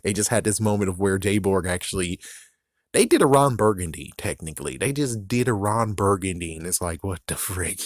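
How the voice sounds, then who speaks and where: Low-voiced man rambling through a review. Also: fairly quick, dry recording, studio quality. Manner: rambling, chuckling often, full of "it's like" asides. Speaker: TV episode reviewer. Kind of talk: casual spoken episode review.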